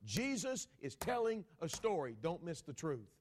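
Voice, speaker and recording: Lively preacher guy retelling a parable, voice jumping all over, talks right to the crowd. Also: a little high, moderate pace, few pauses. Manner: animated, dramatic, addresses congregation directly. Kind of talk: sermon storytelling.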